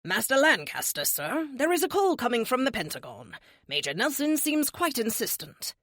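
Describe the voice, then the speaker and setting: A woman's voice: fairly high pitch, very animated, normal speed, fairly bright tone, no room sound, studio quality, voice pushed up. A woman voicing an unflappable male AI butler with an upper-class British accent, formal and polite. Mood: courteous.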